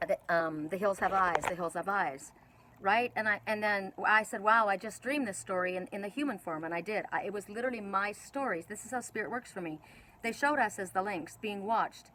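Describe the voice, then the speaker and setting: A woman with a bright, forward voice tells her viewers about her spiritual messages. She rambles and gets emotional, repeating words and restarting her sentences. A faint hiss runs under the recording. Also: medium pitch. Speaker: oracle card reader. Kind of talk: spiritual video talk to viewers.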